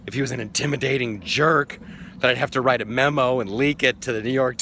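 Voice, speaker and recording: A man hosting a comedic vlog, ranting sarcastically and mockingly to camera with excitable outbursts. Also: medium pitch, fairly quick, a little hiss or hum. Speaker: vlogger host. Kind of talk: comedic political rant to camera.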